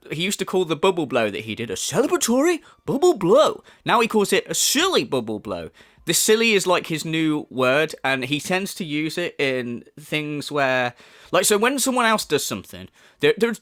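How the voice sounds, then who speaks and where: Male commentator, sneering profane rant, very animated delivery. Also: on the high side. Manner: scornful, swears heavily, mocking. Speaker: commentary YouTuber.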